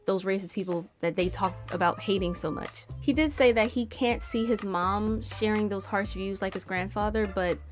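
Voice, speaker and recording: A woman's voice: medium pitch, moderate pace, few pauses. A woman telling a story in an easy, chatty way, her voice in a middle register. She slips into the people in the story, quoting them as she goes, and keeps saying "like". Faint music plays behind her. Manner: chatty, retells stories acting out quotes with frequent "like". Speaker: storytime host. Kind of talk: casual storytelling.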